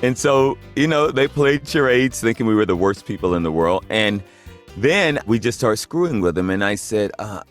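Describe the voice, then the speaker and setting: A man with a fairly low voice tells an amused story at an easy pace. Faint music sits underneath him. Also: expressive, normal speed. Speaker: actor telling a story. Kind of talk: anecdote.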